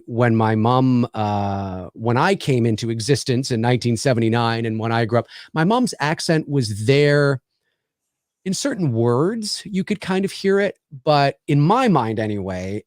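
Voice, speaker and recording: A man's voice: mid-range voice, a little slow, a little mellow, dry recording, clean studio sound. A Canadian man in his forties, hosting a casual chat and rambling through stories with many restarts. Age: 40s. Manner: rambling, many restarts and "you know what I mean". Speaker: podcast host.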